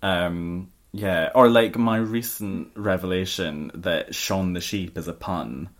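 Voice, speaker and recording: A man's voice: low-pitched, slow pace. A young Scottish man co-hosting a podcast, chatting casually with many fillers and frequent laughs. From Scotland. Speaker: podcast co-host. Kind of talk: casual chat.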